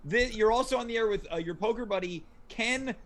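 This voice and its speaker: A man hosting a comedic live-stream talk show, playing along deadpan as an emcee. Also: high-pitched, fairly quick. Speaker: host.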